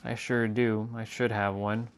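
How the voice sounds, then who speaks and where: A man's voice: fairly low pitch, little pitch movement, a little slow, clear, resonant tone. A man chatting casually to viewers on his live stream, rambling and repeating himself as he talks. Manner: rambling, repeats phrases and restarts. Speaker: livestreamer.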